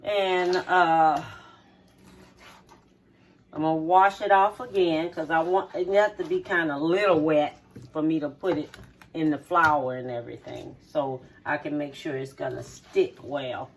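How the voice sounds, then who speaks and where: The voice is deep and steady, a little slow, with slight background noise behind it. A middle-aged home cook and channel host gives a casual kitchen demonstration at home, homey in manner, repeating her steps and asking "okay?"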